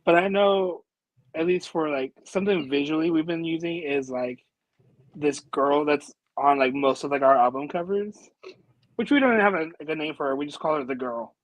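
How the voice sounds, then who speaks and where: A man's voice: on the high side, moderate pace, no echo, rough recording. A man from a band answering interview questions casually, easygoing and hedging with lots of "like". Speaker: band member guest.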